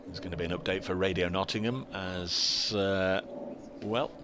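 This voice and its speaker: A man's voice: deep voice, fairly even intonation, moderate pace, background noise. A man with an English accent giving live, chatty cricket commentary from a commentary box at a ground, reading out messages from viewers and poking fun at himself. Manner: chatty, self-deprecating, reads out viewer messages.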